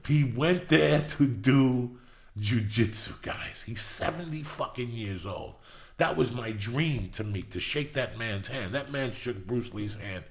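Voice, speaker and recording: A middle-aged man hosting a podcast, telling a long story with constant swearing and rising excitement. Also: medium pitch, measured pace, roomy sound. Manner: profane, animated storytelling. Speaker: podcast host. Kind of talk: storytelling monologue.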